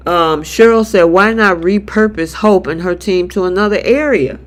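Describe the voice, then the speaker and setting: High-pitched guy doing a live soap recap chat, animated, reads the chat out loud. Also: normal speed, few pauses. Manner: animated, acts out characters in quotes, reads viewer comments. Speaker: show host.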